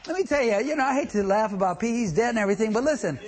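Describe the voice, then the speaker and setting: A traffic school instructor speaks very fast in an expressive, medium-pitched, slightly mellow voice, delivering a comic lecture. Along the way he tells stories, cracks jokes, and quizzes the class.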